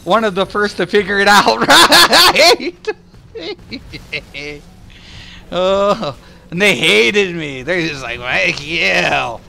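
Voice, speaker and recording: A man's voice: sits high, lively intonation, takes it slowly, gravelly, pauses often, bright, forceful tone, slight background noise. A man chatting casually on a game stream, rambling and swearing, laughing often and imitating other people's voices as he tells stories. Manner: mimics people's voices in anecdotes.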